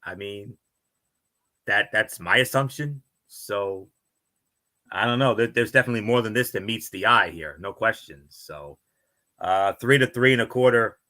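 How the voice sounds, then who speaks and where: A man's voice: on the low side, moderate pace, sharp tone. A man co-hosting a wrestling recap podcast, talking loosely with lots of fillers and trailing sentences. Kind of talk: casual recap chat.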